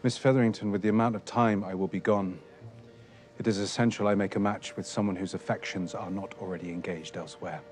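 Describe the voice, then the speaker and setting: An actor playing a reserved, formal aristocratic gentleman in a period drama. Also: fairly low pitch, steady tone, quick pace, soft background music, lightly acted. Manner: stiff and formal.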